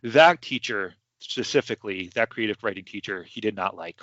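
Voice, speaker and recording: A man's voice: fairly low pitch, moderate pace, a bit bright, no echo. A man hosting a podcast in casual chat, rambling and hesitant with many restarts. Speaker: podcast host. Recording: dull lo-fi sound.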